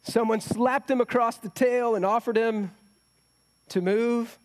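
A man's voice: very high voice, fairly even intonation, unhurried. A man preaching a conversational sermon as a pastor, often asking the congregation rhetorical questions.

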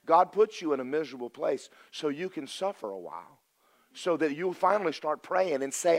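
An older man, preaching a folksy, storytelling sermon that swings from loud declarations to hushed confessions. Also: a little high, big pitch swings, moderate pace.

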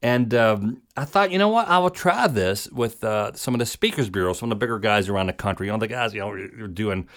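A man's voice: fairly low pitch, lively intonation, brisk, few pauses, fairly bright tone. A middle-aged man, a comedian, hosting his show in a rambling, chatty monologue full of fillers. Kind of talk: casual monologue.

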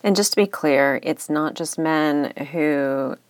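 Woman podcast host, low voice, earnest and explanatory, close dry sound. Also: takes it slowly, no room sound. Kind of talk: solo podcast commentary.

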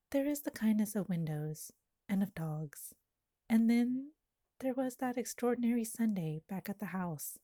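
A woman reading her own poem aloud in a slow, lyrical and intimate way. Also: mid-range voice, warm tone, no room sound, clean studio sound. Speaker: poet. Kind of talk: poetry reading.

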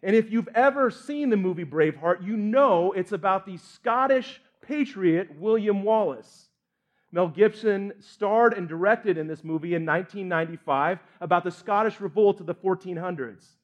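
A man's voice: sits high, normal speed, highs cut off. A man pastor preaching a sermon in an earnest, candid way with light humor.

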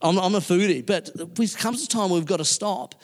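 New pastor in an echoing hall. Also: male voice, high-pitched, moderate pace. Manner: conversational, with many fillers and restarts. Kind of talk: sermon. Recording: long hall reverb.

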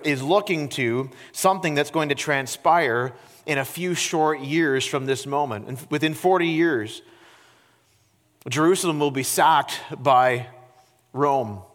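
Male pastor with a fairly high voice, expressive and questioning, in a church with a long reverb. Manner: expressive, rhetorical questions to the congregation. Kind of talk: sermon. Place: church sanctuary.

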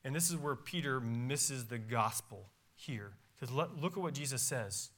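Man preaching in church, bright voice, gets loud then drops way down. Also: medium pitch, animated, unhurried. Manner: preaching with emphatic rises and falls, reading scripture aloud. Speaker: pastor. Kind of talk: sermon. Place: church sanctuary.

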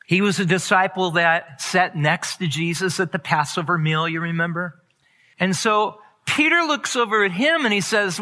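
Bright-voiced preacher sharing a candid testimony. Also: male voice, sits high, moderate pace. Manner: candid, confessional storytelling, rising to emphatic. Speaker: pastor. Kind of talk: personal testimony sermon.

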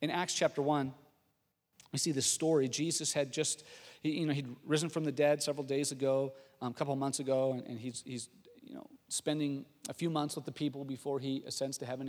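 A man preaching a sermon, telling stories with animated delivery and acting out the lines he quotes. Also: mid-range voice, fairly quick. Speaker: pastor. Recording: long hall reverb.

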